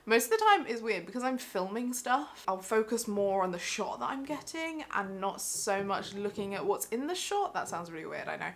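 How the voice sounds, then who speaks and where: A woman's voice: medium pitch, very animated, moderate pace, few pauses. Gushing young woman vlogging. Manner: gushing, enthusiastic, chatty. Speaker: theatre vlogger. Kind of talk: casual vlog chat.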